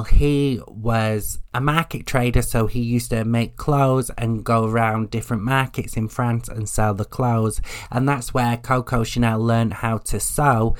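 Man, podcast host, casual chat, jokey, sweary, mid-pitched voice. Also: fairly bright tone, smooth.

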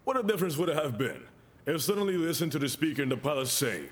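Male preacher, high lively voice, animated sermon with shouted peaks. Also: fast. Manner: storytelling with acted quotes. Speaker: bishop and preacher.

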